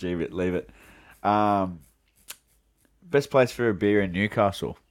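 An Australian man with a fairly low voice hosts a relaxed chat. He teases his guest and laughs a lot. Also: measured pace. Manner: joking, laughs often. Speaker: podcast host. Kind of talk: casual chat.

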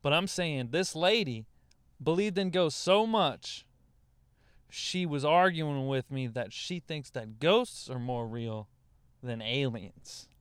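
Young guy rambling and cussing in a car podcast, smooth voice, dead dry sound. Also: on the high side, slow pace, a bit bright, no echo. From Louisiana. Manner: rambling, swears freely, laughs often. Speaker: comedian guest. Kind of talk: casual podcast chat. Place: inside a car.

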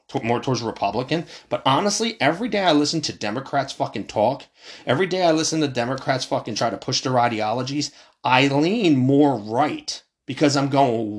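A fired-up man rants straight into the camera. He swears constantly, and his voice leaps up sharply before sinking back down. His voice sits at a middling pitch. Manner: profane, fired-up and passionate, voice jumping high then dropping low. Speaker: commentator. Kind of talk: heated political rant.

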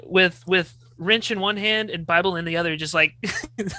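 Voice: mid-range voice, normal speed, pushed and bright. A player in a tabletop game, offhand and laughing often. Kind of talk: casual game chat.

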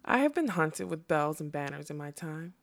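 A woman's voice: big pitch swings, normal speed, gravelly, exaggerated voice. Woman voicing a proud indignant unicorn. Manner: haughty, jumps high when indignant.

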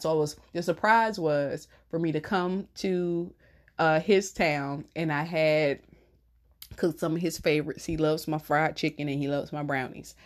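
A woman's voice: sits low, moderate pace. A middle-aged woman chatting casually to viewers, telling stories with laughter. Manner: chatty, warm storytelling with laughs. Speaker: vlogger.

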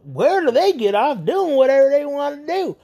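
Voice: high-pitched, sing-song, moderate pace, vocal fry, dark tone, voice pushed up, heavily acted. A speaker mimicking a whiny angry male caller. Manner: whining, repetitive complaint.

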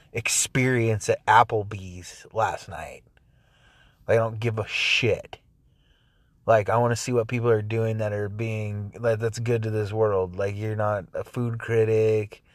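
A man's voice: fairly low pitch, no room sound. A man hosting a music show, ranting angrily and swearing heavily between songs. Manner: angry, swearing, rambling. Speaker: show host.

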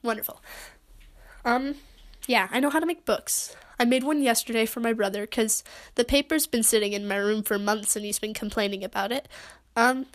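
A woman's voice: on the high side, moderate pace. A young woman from Utah hosting a solo podcast from her bedroom, chatting in a rambling, awkward, self-deprecating way. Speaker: podcast host.

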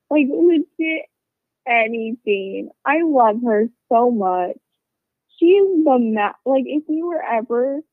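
A woman's voice: high-pitched, no echo. A woman telling a rambling, casual story, swearing a lot and filling it with "like" and "you know.". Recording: tinny phone-like sound, dry.

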